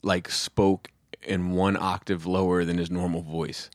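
A man's voice: low voice, little pitch movement, a little slow, no echo, studio quality. A man hosting a casual podcast chat, telling stories animatedly with lots of swearing and stammered restarts. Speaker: podcast host.

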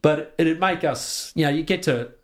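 A man's voice: fairly high pitch, moderate pace. An Australian man talking as a podcast guest in casual conversation, passionate and sweary, often restarting his sentences.

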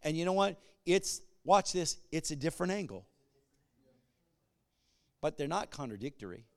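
A male pastor giving a sermon, moving between conversational asides and loud call-and-response bursts. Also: a little high.

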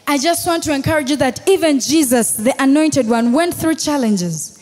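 High-voiced woman preaching, shouting in a reverberant hall. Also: normal speed, some chatter behind. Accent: Ugandan English. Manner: preaching with call-and-response and shouted declarations. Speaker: pastor. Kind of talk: sermon. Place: church hall. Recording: long reverb in a large hall with music.

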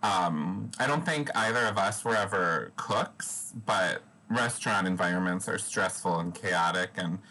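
A man's voice: deep voice, a little slow, hardly any pauses, sharp tone, low-quality recording. A man from the US Midwest co-hosting a podcast in casual chat, chatty and laughing often. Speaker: podcast co-host.

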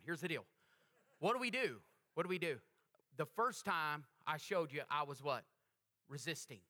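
Man, preaching, high voice, call-and-response. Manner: call-and-response preaching, animated with rising emphasis. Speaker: pastor. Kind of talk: sermon.

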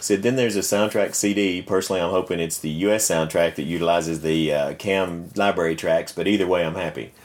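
A man's voice: sits low, steady tone, brisk, hardly any pauses. A man co-hosting a film podcast, reading listener mail aloud in an agreeable, chuckling manner. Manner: chuckling, agreeable, frequent "mm-hmm". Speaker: podcast co-host.

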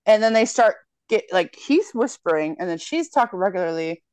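Speaking fairly quickly in a medium-pitched voice, a young woman chats casually while recounting a film's plot with lots of swearing and acted-out dialogue. She's an animated storyteller, and the recording has no room sound.

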